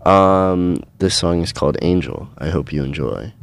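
Young man, low voice, chatty radio host. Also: unhurried, vocal fry, dry recording. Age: young adult. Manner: chatty, animated storytelling with rising indignation. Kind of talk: casual chat.

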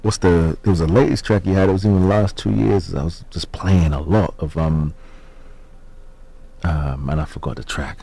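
Brief: low-voiced male musician, laid-back, searching for words. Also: normal speed, creaky, husky, no echo. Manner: relaxed, hesitant, many fillers. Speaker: musician guest. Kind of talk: casual radio interview.

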